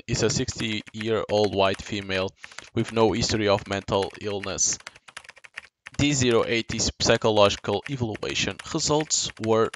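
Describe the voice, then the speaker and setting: A young man giving casual live commentary on a game, reading its text aloud slowly and blurting quick reactions. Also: fairly low pitch, fairly bright tone, a little hiss or hum, poor audio. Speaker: gaming channel host. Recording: game music playing behind. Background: game soundtrack.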